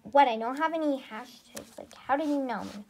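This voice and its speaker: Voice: sits high, normal speed, creaky. A young female performer voicing a rude, defiant girl doll in a toy role-play, answering in snappy, dismissive bursts. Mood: sassy.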